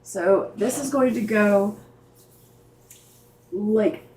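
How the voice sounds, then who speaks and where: A middle-aged woman chatting casually on a live stream as she lays out quilt blocks in her sewing room, reading viewer comments aloud and thinking out loud as she works. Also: medium pitch, extremely slow, poor audio. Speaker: quilting channel host.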